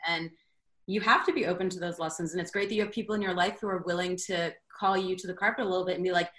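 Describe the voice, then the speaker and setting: A woman's voice: fairly low pitch, steady tone, rapid-fire, a bit bright, roomy sound. A woman as a podcast guest, talking in an earnest, reflective way. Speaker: podcast guest, networking founder. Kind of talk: casual interview chat.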